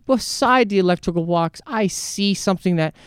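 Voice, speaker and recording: A man co-hosting a podcast, telling a crude story in casual chat with an animated, profane delivery. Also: high-pitched, normal speed, clean tone, no echo, clean studio sound. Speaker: podcast co-host.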